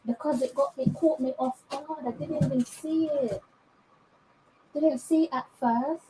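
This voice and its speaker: A woman's voice: sits high, steady tone, measured pace, warm tone, slight background noise, rough recording. A young woman talking casually to her viewers, exasperated and dramatic, rambling on. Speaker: vlogger. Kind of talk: casual chat to camera.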